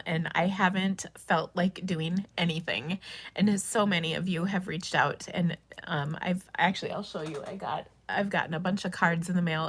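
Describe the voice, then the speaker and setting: A middle-aged woman hosting a casual live stream, tearful and crying on and off, talking haltingly with many restarts and soft laughs. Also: on the low side. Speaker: host of a craft live stream. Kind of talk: casual livestream chat.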